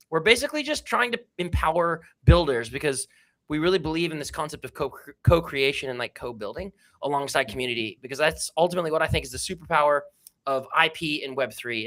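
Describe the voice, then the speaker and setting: A man talks in a relaxed, slangy way, full of "like" and "dude". His voice sits a little high and rings with a bright, forceful tone. It sounds like a guest joining a livestream over a remote microphone. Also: brisk. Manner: enthusiastic, slangy, lots of "like" and "dude". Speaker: guest, NFT collection co-founder. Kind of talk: casual livestream chat. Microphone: remote call microphone.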